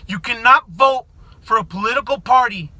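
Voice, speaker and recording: This middle-aged US vlogger delivers an angry political rant straight to camera, profane and combative, often erupting into shouts. His pitch is unusually high, his tone sharp and bright, and he speaks at a normal speed. There's no echo on the dry recording.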